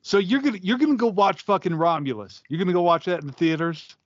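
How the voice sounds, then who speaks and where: A man's voice: high voice, fast, no echo. A man co-hosting a podcast in casual chat, teasing his co-host and egging him on. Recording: slightly muffled, dry.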